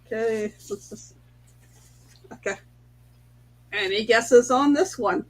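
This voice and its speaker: A woman co-hosts a casual livestream with a somewhat high voice. She reads out viewers' names and guesses briskly. Her delivery is plain and matter-of-fact. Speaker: co-host reading viewer comments.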